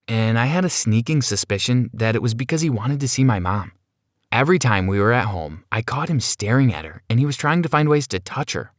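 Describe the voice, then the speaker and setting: A man's voice: fairly low pitch, no room sound, clean studio sound. A man narrating a first-person story in a plain, conversational way, as a scripted voice-over.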